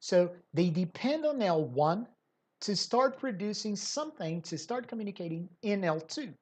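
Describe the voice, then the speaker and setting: A woman's voice: mid-range voice, expressive, moderate pace, darkish tone, breathy edge. A woman teacher giving an explanatory lecture, asking rhetorical questions and using frequent fillers.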